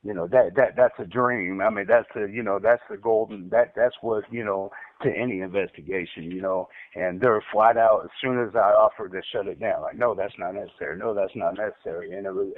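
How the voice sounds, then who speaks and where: A fairly low-pitched man talks fairly quickly on a recorded prison call, the sound dry and the line tinny. As an inmate telling his account, he stutters, rambles, repeats words, and becomes heated when recounting.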